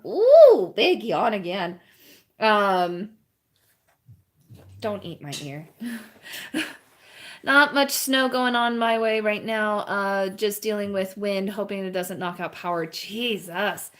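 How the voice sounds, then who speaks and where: A woman's voice: mid-range voice, fairly even intonation, measured pace, fairly bright tone. Chatty woman streaming while she paints. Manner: chatty and rambling, often laughing and cooing to puppies. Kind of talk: casual chat with viewers while painting. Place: indoors at a home.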